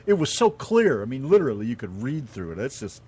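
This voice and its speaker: A man's voice: mid-range voice, very animated, fairly quick, warm tone, husky. A middle-aged American man co-hosting a radio show, telling rambling stories and swearing casually. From United States.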